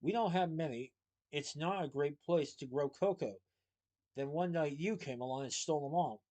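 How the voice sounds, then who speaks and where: A man's voice: a little high, normal speed, mellow, lightly acted. A man voicing a tiny, pompous male Oompa Loompa who scolds haughtily in a storybook reading. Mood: aggrieved.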